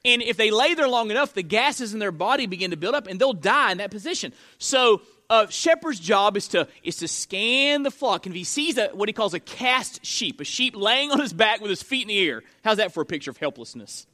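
Man, pastor, sermon, high bright voice, earnest storytelling. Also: very animated, fairly quick, few pauses. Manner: earnest storytelling preacher with dramatic emphasis.

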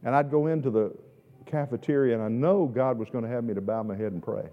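A man preaching a sermon in a church sanctuary, emphatic, swinging between loud stressed words and quiet asides and repeating words as he restarts. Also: mid-range voice, quick pace, soft background music. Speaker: pastor. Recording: echoey hall, dull lo-fi sound.

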